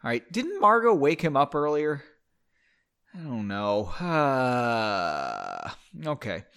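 A man's voice: medium pitch, wildly swooping pitch, slow pace, fairly bright tone, clear, resonant tone. Man reading a story aloud with jokey asides. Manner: joking asides, swearing, loses his place. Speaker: amateur reader. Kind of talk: casual comic reading aloud.

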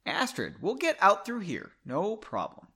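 A man reading aloud and voicing a steady, reassuring young hero in his own novel. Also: high-pitched, measured pace, husky, pitched above the performer's own voice, heavily acted.

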